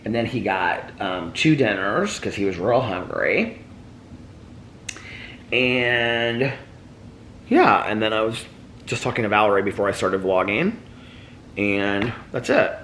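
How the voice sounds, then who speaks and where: Male vlogger, lower pitch with a forceful bright tone; rambling, laughing storyteller who acts out quotes. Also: sing-song, slow, pauses often, slight background noise. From United States. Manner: chatty, laughs often, acts out quoted voices. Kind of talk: casual daily vlog storytelling.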